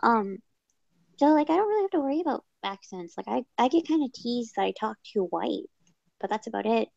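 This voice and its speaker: Creaky, rambling woman with a dull, muffled sound. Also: a little high, lively intonation, brisk, darkish tone, no room sound. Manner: rambling, self-correcting. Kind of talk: casual chat.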